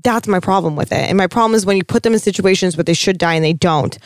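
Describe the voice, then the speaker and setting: A woman co-hosting a casual TV recap chat, talking in an animated, gushing way with some swearing. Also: fairly low pitch, quick pace, no echo, studio quality. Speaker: podcast co-host.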